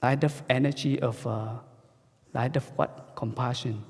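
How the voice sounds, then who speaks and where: A man giving a gentle dharma talk as a Buddhist monk, speaking simple English that halts and restarts often. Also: mid-range voice, fairly even intonation, unhurried, in a large hall.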